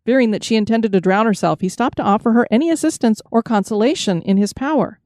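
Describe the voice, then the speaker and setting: Female podcast storyteller, mellow and dry, measured reading of spooky tales. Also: on the high side, dry recording. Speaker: podcast host. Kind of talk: storytelling narration.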